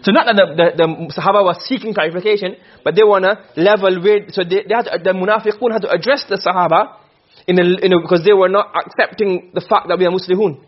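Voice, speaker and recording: Steady in tone and quick in pace, a man with a high-pitched voice leads a classroom session on Quranic rhetoric. His method is to ask a question and answer it himself, heard through a dull lo-fi recording.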